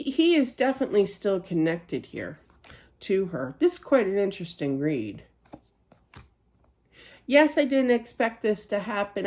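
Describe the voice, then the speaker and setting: A woman's voice: medium pitch, a little mellow. A middle-aged woman giving a psychic reading, chatty, with many fillers and frequent laughter. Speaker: psychic medium. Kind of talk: spiritual reading monologue.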